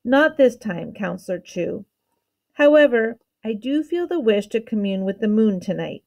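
A woman's voice: mid-range voice, very animated, normal speed, gravelly, darkish tone. A woman reading aloud and voicing an amused, playful male king who gives orders in a teasing way. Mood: commanding. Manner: commanding yet teasing.

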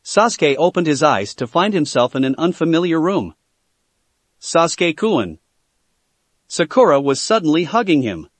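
Man narrating fan fiction, lively and dry. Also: a little high, brisk, few pauses, no room sound. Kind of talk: reading fan fiction aloud.

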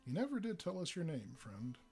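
A man voicing a gruff middle-aged male bar owner who talks bluntly. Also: on the high side, big pitch swings, fairly quick, dark tone, soft background music, voice pushed up. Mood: gentle. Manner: growling, blunt.

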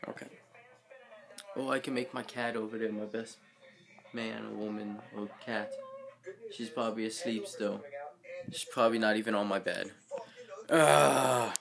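A young man talks into his camera from home, sitting on the floor. He rambles from one thought to the next, playful and quick to poke fun at himself. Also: lowish voice, little pitch movement, creaky, a crowd in the background. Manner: rambling, playful, self-mocking. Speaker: vlogger. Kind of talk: casual chat vlog.

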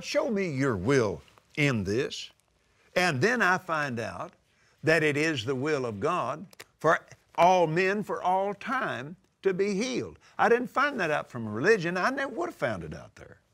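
Animated older preacher, high lively voice. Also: male voice. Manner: emphatic, drawn-out scripture quotes, animated. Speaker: televangelist preacher. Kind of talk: sermon-style teaching.

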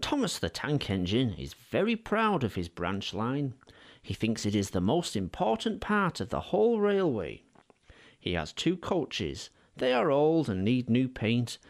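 A man narrating a children's storybook in an expressive, animated way. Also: mid-range voice, unhurried.

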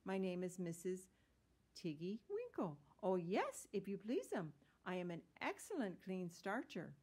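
A woman's voice: mid-range voice, wildly swooping pitch, unhurried, a little mellow, husky, exaggerated voice. A woman voicing a fussy little female hedgehog washerwoman in a storybook reading, with bobbing, deferential, old-fashioned country speech. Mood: eager, polite.

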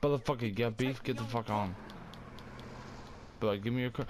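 Loud, swearing young gamer guy. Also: mid-range voice, normal speed, pauses often, a little hiss or hum. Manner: loud, excitable, heavy cursing, hot-tempered. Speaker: gaming streamer. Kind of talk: casual gameplay commentary.

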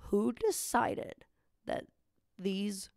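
A young woman with a strongly gravelly, fry-heavy voice chats casually on a podcast, rambling through her thoughts with plenty of filler words. Her voice sits at an ordinary pitch, and the recording is close and dry. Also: very slow, no echo. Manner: rambling, lots of fillers, animated musing. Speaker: podcast guest. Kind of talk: casual chat.

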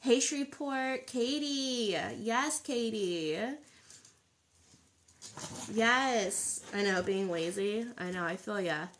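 A woman's voice: a little high, slow pace, fairly bright tone, slight background noise. A woman hosting a live craft tutorial, chatting upbeat with viewers as she works at her table.

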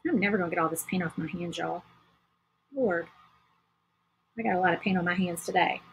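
A woman's voice: on the low side, a little fast, slight background noise, low-quality recording. A woman hosting a casual crafting livestream, chatting to viewers while she paints. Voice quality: very husky.

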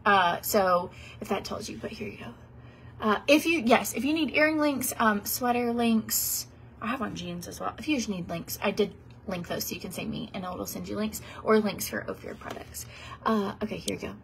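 A woman's voice: mid-range voice, normal speed, gravelly, a little hiss or hum. A woman in her thirties from Tennessee, a beauty vlogger chatting casually during a makeup tutorial, rambling with many fillers and restarts.

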